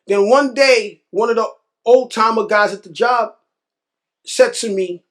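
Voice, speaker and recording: A man from New York, a real estate investor, telling his story in an animated interview, repeating phrases and acting out other people's words. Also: high-pitched, unhurried. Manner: animated, repeats phrases, acts out quoted voices.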